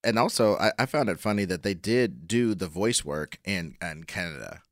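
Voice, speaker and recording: A man co-hosting a podcast, chatting casually with relaxed joking asides. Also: deep voice, normal speed, no room sound, studio quality. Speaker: podcast co-host. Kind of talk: casual chat.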